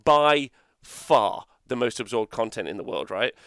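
A podcast host talking in a loose, rambling way. He swears freely and keeps checking in with "right?". His mid-pitched voice is recorded close and dry, with no room sound. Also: animated, a little slow, fairly bright tone, clear, resonant tone, dry recording. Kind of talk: casual chat.

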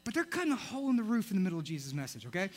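A young man preaching a sermon, telling a story in an animated way and acting out the characters. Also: high-pitched, rapid-fire. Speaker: pastor.

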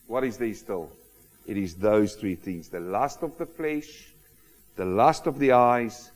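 A man preaching a sermon, emphatic and animated, often asking rhetorical questions of the congregation. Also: medium pitch. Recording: long hall reverb.

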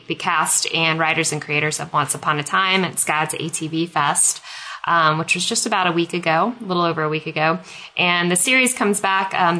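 A woman's voice: lowish voice, sharp tone, low-quality recording. A woman hosting a podcast, chatting casually and rambling with many fillers. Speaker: podcast host. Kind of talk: casual chat.

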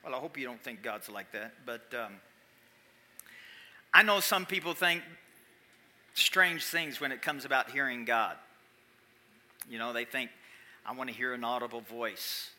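Bright-voiced man preaching a lively sermon. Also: mid-range voice, unhurried, long pauses. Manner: animated, swings from quiet asides to loud emphatic calls. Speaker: pastor. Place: church.

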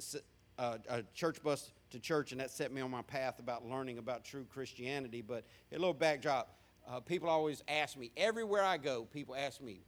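A man in his fifties with a Southern American accent, preaching a sermon in a folksy, humorous storytelling manner. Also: mid-range voice.

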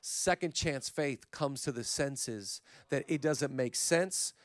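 A man preaching a sermon as pastor, swinging from soft, close passages to loud, emphatic calls. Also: mid-range voice, slow, dry recording. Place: church stage.

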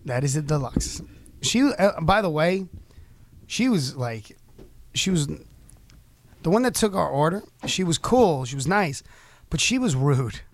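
A man's voice: on the high side, measured pace, long pauses, a little hiss or hum. A man hosting a casual radio chat show on a headset mic, joking around and slipping into exaggerated voices. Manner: animated, jokey, slips into exaggerated voices.

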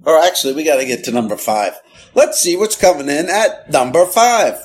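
A man with a slightly raised pitch rambles through a casual podcast monologue. He drifts from story to story in a chatty, self-deprecating way. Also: lively intonation, brisk, faint music behind. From lives in Los Angeles. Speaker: podcast host.

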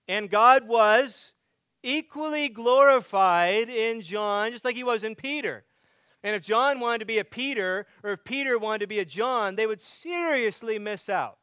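A man preaching a sermon as pastor, moving between emphatic loud passages and hushed quiet ones. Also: high-pitched, clear, resonant tone, no room sound.

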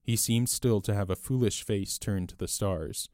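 A man narrating a story aloud in a measured, clear audiobook delivery. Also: on the low side, a little mellow, no echo, clean studio sound.

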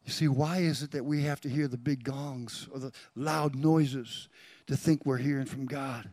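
A male pastor preaching a sermon, speaking directly to the congregation and calling out names, swinging from hushed whispers to loud climaxes. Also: mid-range voice, steady tone, a little slow, no room sound.

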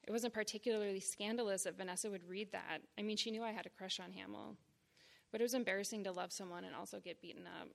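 A woman in her thirties from the Boston area, a writer giving a live reading of her own memoir to an audience, in deliberate, measured short phrases and with blunt frankness. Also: medium pitch, fairly even intonation, gravelly. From Boston area, United States. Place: reading series event before an audience.

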